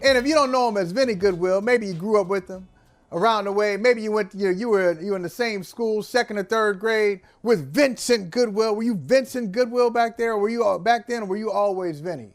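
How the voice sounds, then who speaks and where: A man's voice: sits high, fairly quick, soft background music. A man co-hosting a casual sports talk show, teasing his co-host with rambling questions full of restarts.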